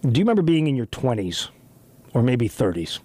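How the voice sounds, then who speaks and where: A man hosting a talk radio show, chatting loosely with a co-host, animated and rambling with frequent restarts. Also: mid-range voice, brisk, dry recording. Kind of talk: casual talk radio chat. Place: radio studio. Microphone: studio microphone.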